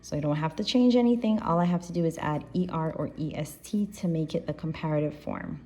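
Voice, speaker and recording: A woman teacher gives a primary school grammar lesson, patiently walking the class through each rule and repeating the key points. Her voice sits low and sounds mellow and dark. A faint hiss runs underneath, and she sometimes drifts farther from the mic as she moves around the classroom. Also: lively intonation, brisk. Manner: patient, explains step by step with repetition.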